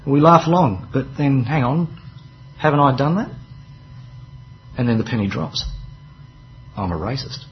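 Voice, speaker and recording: Wry preacher, muffled sound. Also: male voice, medium pitch, expressive, normal speed, long pauses, slight background noise. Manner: conversational, wry preaching with dramatic emphasis and asides. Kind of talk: sermon.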